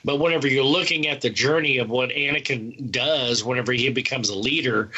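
A talkative man with a bright, forward voice, explaining at length in casual chat. The sound is a bit dull and lo-fi. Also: medium pitch, fairly quick, breathy edge. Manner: talkative, long explanatory answers. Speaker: podcast host reviewing TV shows.

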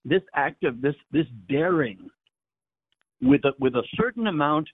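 A man, a priest, reflecting on the Mass in a halting way, often repeating words as he searches for them. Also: on the high side, sing-song, gravelly, dry recording. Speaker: priest guest. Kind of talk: reflective conversation on faith. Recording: dry tinny phone-like line.

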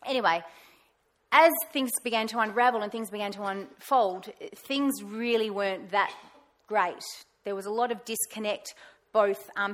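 A woman giving a personal faith testimony, animated, acting out her own past words in a raised voice. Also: mid-range voice. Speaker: pastor's wife sharing testimony.

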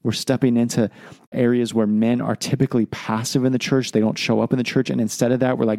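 Male podcast host, 30s, heartfelt and pleading, laid-back slang, warm and dry. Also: mid-range voice, level tone, fast, gravelly, no echo. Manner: pleading, casual, says "man" and "dude" often. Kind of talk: earnest podcast appeal.

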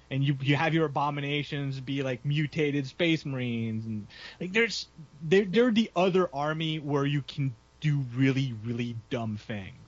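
A man's voice: medium pitch, moderate pace. A man chatting casually and enthusiastically about his hobby, rambling and poking fun at himself. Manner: enthusiastic, self-deprecating, rambling. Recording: dull lo-fi recording.

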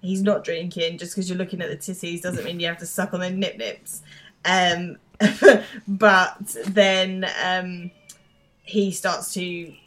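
A woman with a somewhat low voice tells stories in relaxed podcast chat. She talks in a chatty, easygoing way as she retells scenes. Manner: chatty storytelling, quick to laugh. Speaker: podcast co-host. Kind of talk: casual recap chat.

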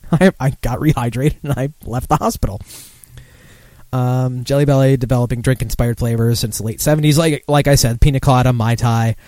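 A man's voice: mid-range voice, fairly even intonation, normal speed, a little mellow, no room sound. Man, podcast host, casual banter, profane, sardonic, rambling, close dry mic.

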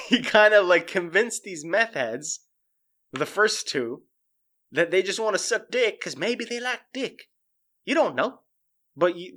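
A man giving casual commentary, rambling and profane, animated as he tells the story. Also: a little high.

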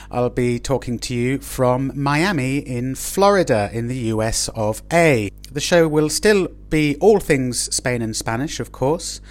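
A man hosting a casual podcast, chatty and jokey, playfully mimicking other people. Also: medium pitch. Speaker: podcast host. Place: restaurant table with guests.

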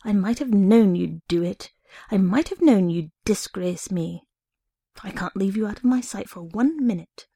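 A woman's voice: mid-range voice, animated, measured pace, creaky, mellow, husky, no room sound, clean studio sound, exaggerated voice. A woman reading aloud, voicing a spiteful young girl who scolds her little brother. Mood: scolding. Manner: scolding, outraged. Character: bossy spiteful older sister, a girl.

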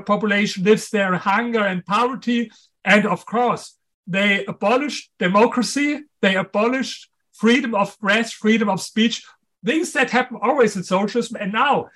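German guy with a thick accent, guest on an interview, pretty high voice, hammers his points home, says things twice. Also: a bit bright. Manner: emphatic, repeats key points. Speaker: guest author.

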